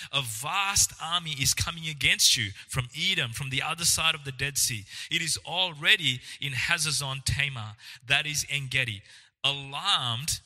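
A man's voice: fairly high pitch, bright, forceful tone. A man preaching a sermon as pastor, earnest and reassuring, often restarting his words. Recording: long hall reverb.

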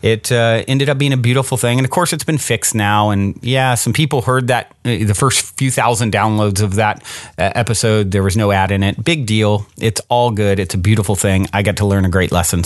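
A man hosting a podcast tells a personal story in a relaxed, chatty way, his voice sitting in an ordinary middle pitch. He sounds upbeat and fills his talk with casual fillers and quick restarts. The recording is dry and close, with no room sound. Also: no echo. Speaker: podcast host.

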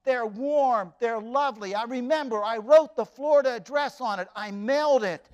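A man's voice: very high voice, normal speed, a little mellow, in a large hall, highs cut off. A man speaking the thoughts of an older grandmother, anxious and self-reproaching. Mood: smug. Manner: anxious inner monologue.

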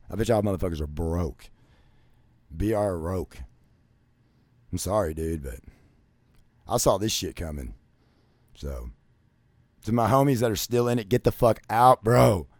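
A man telling a rambling, profane story, cursing constantly and padding his talk with "like" and "you know", swinging between loud ranting and low muttering. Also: normal speed, no room sound. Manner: crude, swears constantly, many fillers like "you know". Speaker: vlogger.

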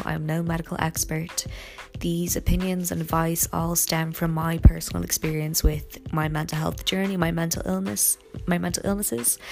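A tired young woman hosting a podcast, rambling softly from bed with lots of fillers. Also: fairly low pitch, vocal fry. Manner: rambling, soft, many fillers and yawns. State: tired, low energy. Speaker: podcast host. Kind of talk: casual personal podcast monologue. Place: in bed at home.

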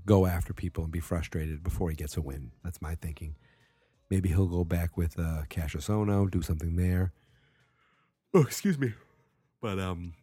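Low, mellow-voiced man hosting a podcast. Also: husky, no echo. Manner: rambling, self-mocking, sarcastic asides. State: tired. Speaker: podcast host. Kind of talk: casual podcast talk.

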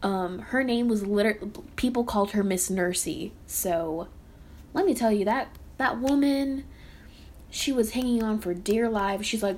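A young woman ranting casually as a podcast host, rambling and animated, often sighing and cutting herself off. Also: medium pitch, a little slow. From Texas. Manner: rambling and animated, with sighs and self-interruptions. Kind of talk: casual rant.

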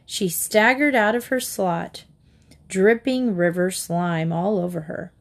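A woman's voice: medium pitch, takes it slowly. Woman reading a children's book aloud. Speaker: storybook reader.

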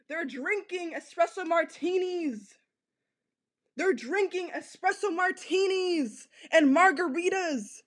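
A woman with a high voice hosts a podcast in a loose, ranting manner. She talks bluntly, swears freely and hammers the same points over and over. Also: animated, slow, a bit bright. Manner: blunt, profane and repetitive. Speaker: podcast host. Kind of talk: casual podcast rant.

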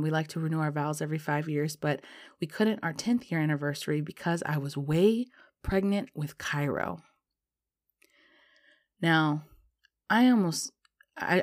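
Low-voiced woman telling a lively story. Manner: animated, swearing, laughing storyteller. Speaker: vlogger. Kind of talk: casual storytime.

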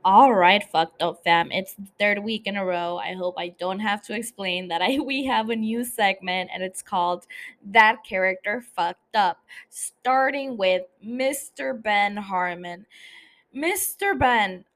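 A young woman hosting a casual recap podcast, animated and swearing freely, laughing often as she talks. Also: mid-range voice, measured pace. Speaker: podcast host.

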